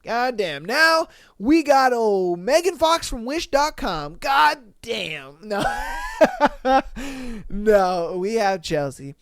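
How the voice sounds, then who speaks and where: Man for a casual commentary podcast: lively, slangy, laughs a lot, recorded dry and close. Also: very high voice, very slow, clear, resonant tone, no echo. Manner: animated, slangy, laughs often. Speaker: podcast host. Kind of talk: casual reality-show commentary.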